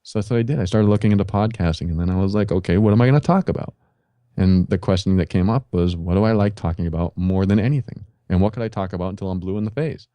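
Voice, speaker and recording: A man's voice: low-pitched, fast, dark tone, no room sound. A man guest on a podcast, telling his life story in a casual interview and acting out his own past reactions.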